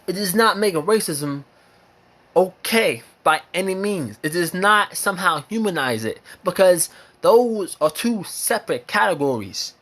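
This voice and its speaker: A man's voice: sits high, expressive, unhurried, a bit bright. An American man delivering an impassioned opinion monologue, emphatic and repetitive, hammering his points with repeated phrases and swearing. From United States. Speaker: vlogger sharing opinions.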